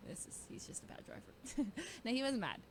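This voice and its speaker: A woman's voice: high-pitched, a little fast. Young woman streamer chatting away, giggly, acts out what people said, faint hum behind. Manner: chatty, giggly, quotes people in animated voices. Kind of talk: casual storytelling chat.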